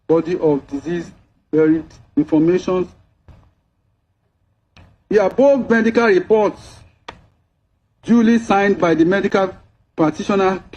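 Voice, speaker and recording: Judge, man, fairly high voice, formal measured reading, dull lo-fi sound. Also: darkish tone. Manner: measured, formal, legal wording. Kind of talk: formal reading of a court judgment. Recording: dull lo-fi recording.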